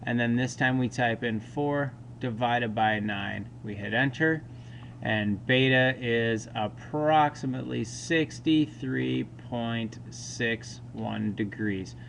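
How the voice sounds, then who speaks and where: A man's voice: mid-range voice, slow, vocal fry, fairly bright tone, a little hiss or hum. A man teaching a recorded math lesson, talking through each step aloud with casual asides.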